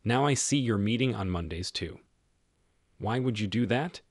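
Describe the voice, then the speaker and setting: A man voicing a cold, stern husband confronting his cheating wife, in a measured tone. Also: fairly low pitch, expressive, no room sound. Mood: accusing.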